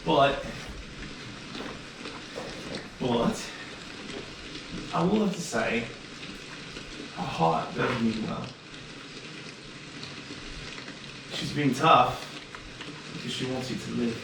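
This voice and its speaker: A man voicing a female guild captain and older sister, gently teasing and coaxing the recruits in a tabletop game. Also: medium pitch, slow pace, creaky, long pauses. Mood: reassuring. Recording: echoey room, distant mic, noisy.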